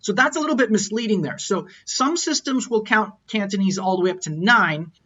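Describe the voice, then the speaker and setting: A man's voice: sits high, lively intonation, brisk, pushed and bright, slight background noise. A man teaching an online lesson over slides, explaining patiently and sounding out tones as examples. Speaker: language teacher. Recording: dull lo-fi audio.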